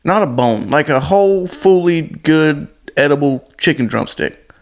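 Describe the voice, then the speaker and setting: A man's voice: fairly high pitch, expressive, unhurried. A man casually recapping a movie plot in a rambling, blunt and crude way, full of fillers.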